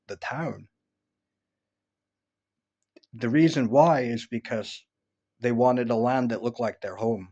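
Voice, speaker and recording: A vlogger from upstate New York rambles through stories at home indoors, his low, warm voice captured in dull audio. It's a casual personal monologue full of restarts and fillers.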